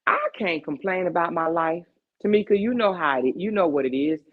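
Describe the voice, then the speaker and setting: A woman's voice: lowish voice, a little fast. Emphatic woman giving life advice, dull lo-fi sound. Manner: emphatic, preachy life advice with rhetorical questions. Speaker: podcast host. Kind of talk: casual heart-to-heart chat.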